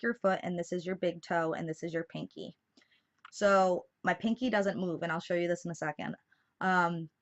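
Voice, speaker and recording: A young woman vlogging casually to camera, telling a story in a chatty way with lots of fillers. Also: medium pitch. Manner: chatty storytelling, many fillers, laughs through it. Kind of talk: casual vlog chat to camera. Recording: slightly dull lo-fi sound.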